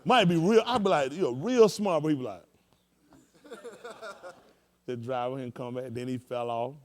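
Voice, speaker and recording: Teasing pastor with a higher voice. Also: male voice, darkish tone. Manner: joking, teasing, rambling with folksy slang. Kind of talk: comedic roast from the pulpit.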